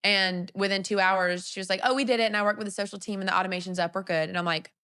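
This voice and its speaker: A woman hosting a business podcast in casual conversation, animated and acting out her own quotes. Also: mid-range voice, fast talker, smooth. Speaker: podcast host and business owner.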